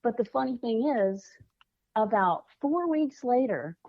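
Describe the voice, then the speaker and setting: A woman, a children's author, speaking earnestly as a podcast guest and often pausing to find her words. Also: fairly high pitch, lively intonation, no echo, phone-quality sound. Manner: earnest, searching for words with fillers. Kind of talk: podcast interview.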